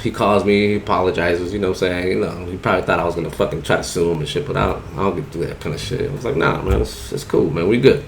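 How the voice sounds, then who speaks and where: A man's voice: deep voice, quick pace, vocal fry, few pauses, a little hiss or hum. A man casually telling a rambling, profane story in heavy slang, often saying "you know what I'm saying". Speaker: barber telling a story on a podcast.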